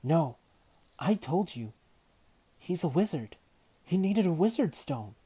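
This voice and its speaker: A man's voice: medium pitch, normal speed, dark tone, husky, dry recording, natural voice. A man reading aloud and voicing an insolent teenage girl enchanter who talks back in a defiant, demanding way.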